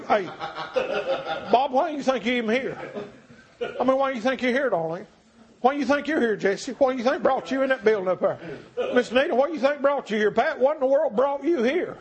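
A male preacher delivering a revival sermon, swinging from shouts to hushed pleading. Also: sits high. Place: church.

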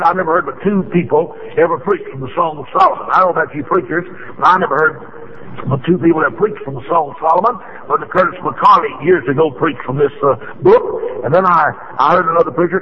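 High-voiced fervent preacher on muffled radio. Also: male voice. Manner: fervent, rising to shouts, frequent "uh" fillers. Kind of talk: revival sermon.

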